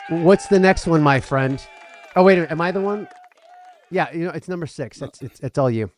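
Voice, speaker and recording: A man's voice: fairly high pitch, fairly quick, slight background noise. A man from the Northeast US co-hosting a podcast, rambling and opinionated, full of fillers. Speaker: podcast co-host. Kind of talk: casual banter.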